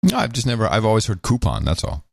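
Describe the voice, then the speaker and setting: A man from Texas, co-hosting a podcast and chiming in with quick, dry quips. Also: fairly low pitch, huge pitch swings, creaky, no room sound. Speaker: podcast co-host. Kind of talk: casual chat.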